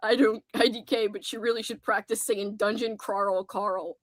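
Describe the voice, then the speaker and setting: A woman's voice: on the high side, moderate pace, fairly bright tone, dry recording. A young woman hosting a casual livestream, chatty and giggly, reading out chat messages and laughing often. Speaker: livestream host.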